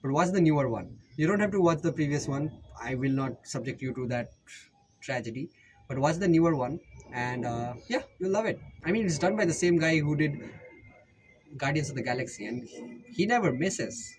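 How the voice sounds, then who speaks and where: A man's voice: fairly high pitch, lively intonation, moderate pace, a little mellow, slight background noise, low-quality recording. A man with an Indian accent, rambling jokily through casual recommendations as a YouTuber and often correcting himself. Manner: rambling, jokey, self-correcting.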